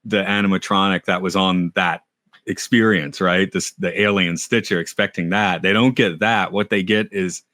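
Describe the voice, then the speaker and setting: A man co-hosting a podcast, chatting casually with rambling, animated asides. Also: low-pitched, normal speed, no echo. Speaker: podcast co-host. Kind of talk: casual chat.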